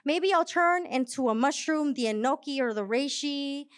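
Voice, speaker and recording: A young woman poet performing spoken word live, with soft, hesitant chat before a measured, emphatic recitation. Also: sits high, animated. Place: live venue.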